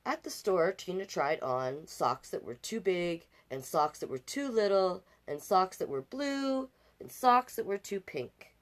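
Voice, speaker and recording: A woman's voice: fairly low pitch, animated, measured pace, few pauses, background noise. A woman from Canada reading a picture book aloud as storytime host, with chatty asides and playful sound effects.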